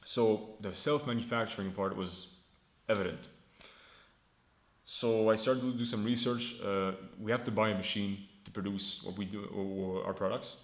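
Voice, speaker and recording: A man's voice: lowish voice, fairly even intonation, moderate pace, echoey room. A man, a startup founder casually recounting a story, rambling, swearing freely and acting out the other people's lines. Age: 20s. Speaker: founder vlogging his startup.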